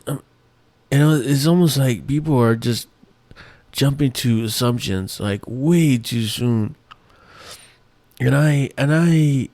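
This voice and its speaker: A man's voice: mid-range voice, a little mellow, dry recording. A man hosting his own show, ranting in a rambling, profane, exasperated way with many restarts. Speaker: podcast host. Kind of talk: casual ranting monologue.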